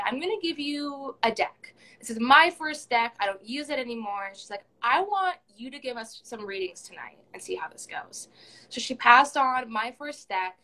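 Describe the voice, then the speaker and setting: A young woman chatting casually as a podcast guest about reading tarot, talking quickly and acting out what others said. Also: fairly high pitch, a bit bright, poor audio. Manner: chatty, laughs often, quotes others in quick bursts. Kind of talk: casual chat.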